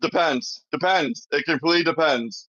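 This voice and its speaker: A man's voice: on the high side, moderate pace, pushed and bright, no room sound, dull audio. A man from Wisconsin with a Wisconsin accent, calling in to a stream and defending his local way of speaking with swearing and laughter. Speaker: call-in guest. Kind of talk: casual chat.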